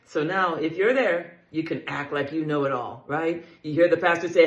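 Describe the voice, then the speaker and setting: A man's voice: fairly high pitch, steady tone, quick pace, few pauses, dull audio. Upbeat man teaching greetings, roomy sound. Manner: upbeat and encouraging, checks in with the listener. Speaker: language and culture teacher, channel host. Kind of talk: casual spoken lesson. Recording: roomy echo.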